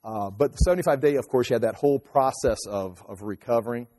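A man in his fifties telling a personal story casually, rambling with many halting restarts. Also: medium pitch, mellow. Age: 50s. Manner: rambling, halting restarts, acts out voices in quotes. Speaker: teacher and speaker. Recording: long hall reverb.

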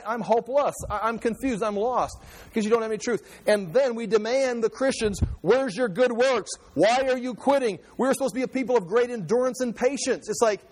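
Animated male preacher, fairly high voice. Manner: animated, emphatic, repeats phrases. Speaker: pastor. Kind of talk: expository sermon.

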